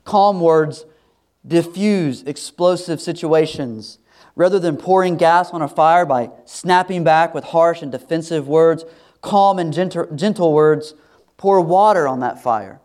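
A middle-aged man preaching a sermon to his congregation in a conversational way, sometimes dropping to a soft, confiding tone. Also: a little high, a little slow. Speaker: pastor.

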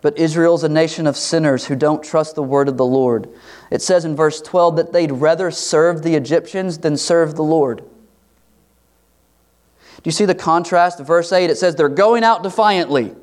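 A man preaching through a scripture passage. His voice sits a bit high for a man, and he swings into animated, higher-pitched voices whenever he acts out a quote. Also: normal speed. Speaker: pastor. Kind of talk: expository sermon.

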